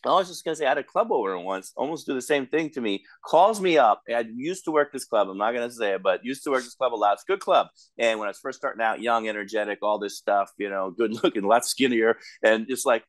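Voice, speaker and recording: A man, a stand-up comedian, telling stories on a podcast, laughing often and getting animated when he quotes people. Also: medium pitch, quick pace, few pauses, no room sound. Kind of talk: casual podcast chat.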